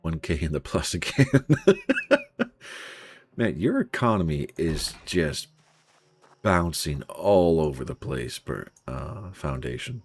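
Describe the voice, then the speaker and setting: A man's voice: a bass voice, lively intonation, slow pace, long pauses, a little hiss or hum. A man streaming a game live, muttering through his looting and reacting to chat in casual commentary.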